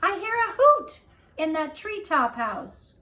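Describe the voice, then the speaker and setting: A woman voicing a big, boastful monster in a children's storybook reading, with a loud, blustering delivery. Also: extremely high pitch, big pitch swings, slow pace, exaggerated voice. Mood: impressed.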